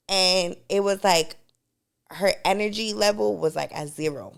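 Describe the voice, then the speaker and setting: Woman cohost with a gravelly fry in her voice, casual storytelling chat, cracks up laughing. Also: medium pitch, moderate pace. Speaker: podcast co-host.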